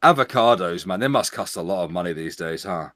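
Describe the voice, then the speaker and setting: A man's voice: low voice, lively intonation, a little fast, a bit bright, no echo, clean studio sound. A man hosting a casual political chat show, joking, laughing often and stumbling into restarts. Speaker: host of an online talk show.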